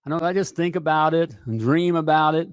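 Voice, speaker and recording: A middle-aged man hosting a live talk show, energetic and repetitive, tossing in "all right?" and "hey" between lines. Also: a little high, a little fast, clear, resonant tone, dry recording, studio quality.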